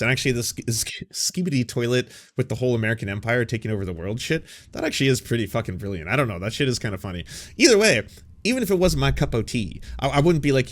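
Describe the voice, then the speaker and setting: A man's voice: mid-range voice, animated, quick pace. Rambling, profane man in his thirties. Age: 30s. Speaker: commentary host. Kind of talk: political commentary vlog.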